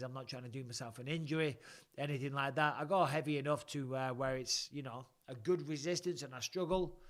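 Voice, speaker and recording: Sweary fortysomething guy rambling thru fan questions, kinda high voice. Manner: blunt, swears freely, rambling. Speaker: host answering fan questions. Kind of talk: casual live-stream chat.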